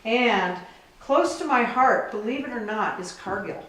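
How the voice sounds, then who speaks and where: A woman's voice: a little high, expressive, measured pace, fairly bright tone, slight background noise. A middle-aged woman from Minnesota giving rambling, self-deprecating remarks at a benefit event, chatty and informal. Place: large echoey event room. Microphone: distant room mic. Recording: roomy echo, far from mic.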